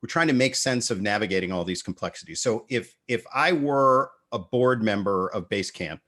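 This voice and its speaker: Male interview host, low voice, casual and halting, full of you-knows. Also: bright, forceful tone. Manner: casual, hesitant phrasing with many fillers. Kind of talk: conversational interview.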